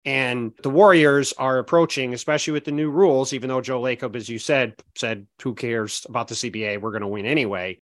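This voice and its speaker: A man co-hosting a sports podcast, talking through basketball in a measured, analytical way that is full of "I mean" and "look". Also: medium pitch, steady tone, fairly bright tone, no echo. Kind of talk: casual basketball chat.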